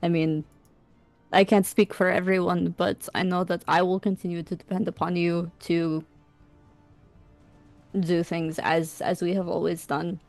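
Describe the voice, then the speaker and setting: A woman's voice: fairly low pitch, little pitch movement, darkish tone, faint music behind. Earnest woman playing a tabletop character. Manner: earnest, halting, many fillers. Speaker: player. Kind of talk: in-character tabletop role-play.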